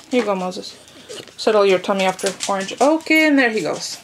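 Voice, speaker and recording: A woman's voice: medium pitch, lively intonation, a little fast, creaky, noisy background. A woman chatting casually in a home vlog, rambling on and cooing baby talk at her dogs. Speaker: vlogger. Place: home living room and kitchen.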